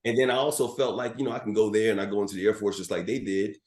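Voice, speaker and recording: A middle-aged man, a sports broadcaster guesting on a podcast, telling animated anecdotes with plenty of filler words. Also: on the low side, racing. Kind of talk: storytelling in a podcast interview. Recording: roomy echo.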